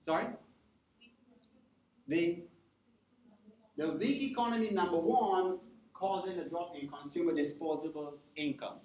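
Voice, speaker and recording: A man's voice: sits high, unhurried, pauses often, darkish tone. A male lecturer teaching a class in an interactive way, often stopping to check whether the students are following. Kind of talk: university lecture. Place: lecture hall. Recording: echoey lecture hall recording.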